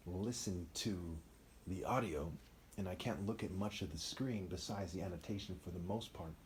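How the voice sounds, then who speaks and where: A man's voice: deep voice, a little mellow, a little hiss or hum. A man giving a rambling, emphatic unscripted monologue, often tossing in "right?" asides.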